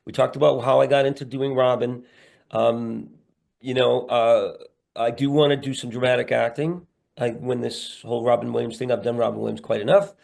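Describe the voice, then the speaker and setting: Gravelly man rambling earnestly. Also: mid-range voice, level tone, moderate pace, a little mellow. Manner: rambling, earnest, playful asides. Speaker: guest comedian and actor. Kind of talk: candid podcast interview.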